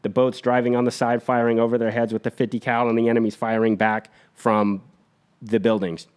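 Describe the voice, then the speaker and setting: Man, podcast storyteller, rapid delivery, energetic, blunt, profane. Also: mid-range voice, smooth. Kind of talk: animated war story retelling.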